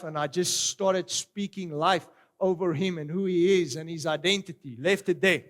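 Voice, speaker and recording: A middle-aged man preaching a sermon, animated and swinging between loud exclamations and quiet storytelling. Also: high-pitched, moderate pace. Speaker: pastor.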